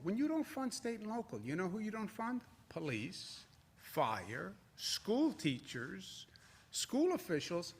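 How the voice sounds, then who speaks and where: A man's voice: high voice, very animated, slow pace, slightly rough. A man giving a press conference, emphatic and repetitive, mocking others' words sarcastically. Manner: emphatic, repeats phrases, mocks quotes sarcastically. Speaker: politician at a press briefing.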